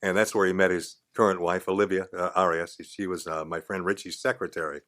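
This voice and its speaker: An older man who hosts a radio talk show sits as a guest in a podcast studio, swapping blunt, profane, chatty anecdotes. His low voice is level and fairly bright, and he talks briskly.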